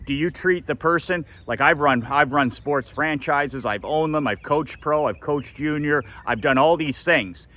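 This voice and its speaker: A man with a bright, forceful voice tells a story as a motivational coach. He acts out the quoted lines with sudden high jumps in pitch. He repeats his motto the way a preacher would. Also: measured pace, hardly any pauses. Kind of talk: storytelling monologue.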